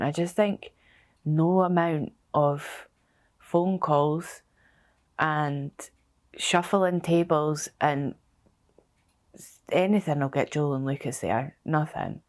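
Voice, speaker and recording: A young woman telling her story as a bereaved mother, halting and emotional, with many restarts. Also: sits low, a little mellow. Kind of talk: personal testimony.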